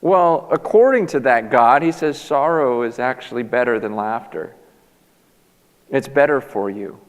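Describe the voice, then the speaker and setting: A man preaching a sermon as a pastor, emphatic and animated, often restarting his sentences. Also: medium pitch, unhurried. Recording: long hall reverb.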